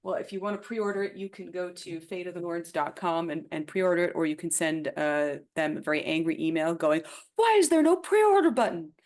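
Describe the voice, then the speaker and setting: A woman speaks as a guest author on a livestream with a slightly low voice. She talks loosely, filling pauses with "uh", and slips into teacherly asides. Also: little pitch movement. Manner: chatty, many "uh" fillers, teacherly asides. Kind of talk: casual livestream chat.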